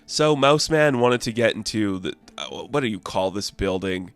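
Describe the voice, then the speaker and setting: A man's voice: fairly low pitch, expressive, normal speed, clean tone, soft background music. A man giving a casual, rambling comic book review, full of fillers and amused asides.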